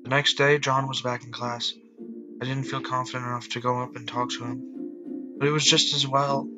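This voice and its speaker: A man's voice: mid-range voice, little pitch movement, normal speed, low-quality recording. A man hosting a let's play, reading the narration of a visual novel and breaking off to joke and decide what to do. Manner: reads narration softly, jokes loudly in asides. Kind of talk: narrating and commenting on a game. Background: faint game music.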